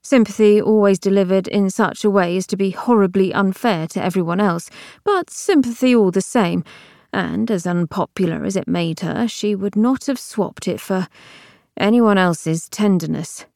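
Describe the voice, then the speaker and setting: Woman narrating an audiobook, steady measured read, bit of vocal fry, dry close sound. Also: medium pitch, dry recording. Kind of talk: scripted fiction narration.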